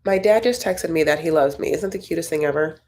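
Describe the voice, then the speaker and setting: A woman's voice: sits low, fast talker, a little mellow. A young woman hosting a casual live-stream chat from home, rambling through her thoughts and reading viewer comments aloud. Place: home, Los Angeles.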